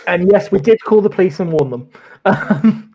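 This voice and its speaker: A man's voice: high-pitched, lively intonation, normal speed, a little mellow, breathy edge, lo-fi sound. Chatty man telling lawyer stories. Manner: chatty, swears and laughs often, many fillers. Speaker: podcast guest, former lawyer. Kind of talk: casual chat, storytelling.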